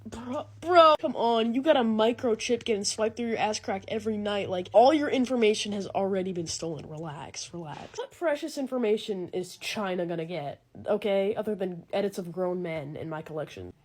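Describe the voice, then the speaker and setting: Husky young woman ranting for laughs. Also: medium pitch, fairly quick, few pauses. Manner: rambling, exasperated rants full of "like". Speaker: comedy video creator. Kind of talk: comedic monologue to camera.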